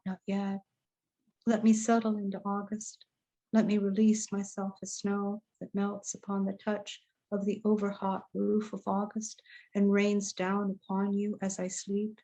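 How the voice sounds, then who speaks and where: A woman reads her own poem in a quiet, meditative way. Her voice sits at an ordinary middle pitch. She lingers on each line, unhurried and inward. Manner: slow, meditative, hushed delivery. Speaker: poet. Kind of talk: spoken word poetry reading.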